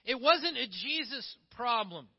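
Brief: pastor, animated conversational sermon, very high voice for a man, dull sound. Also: a little slow. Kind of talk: sermon with Bible reading.

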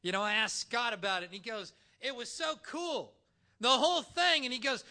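A man delivering a sermon with a very high pitch and a bright, tense edge. He preaches in an animated, emphatic way and stretches key words with dramatic pauses. He speaks in a church. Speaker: pastor.

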